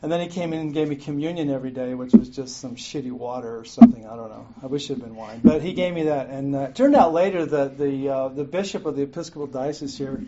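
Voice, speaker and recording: Medium-pitched and warm, this middle-aged man talks fast with lively intonation and few pauses. As a guest speaker in a meeting room, he tells a recovery group his personal story, candidly and profanely, frequently laughing at himself. The recording is muffled and lo-fi with clear noise.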